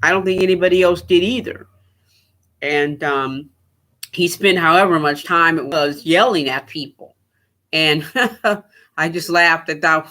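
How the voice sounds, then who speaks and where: Male podcast host, bright tone, sarcastic off-the-cuff commentary. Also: on the high side, measured pace, long pauses. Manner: rambling, sarcastic, laughs at his own points. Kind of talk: solo political commentary.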